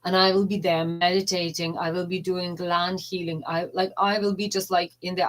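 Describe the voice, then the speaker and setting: A middle-aged woman life coach talking in a casual, earnest and halting way, often emotional, with non-native phrasing. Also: on the low side, level tone, low-quality recording.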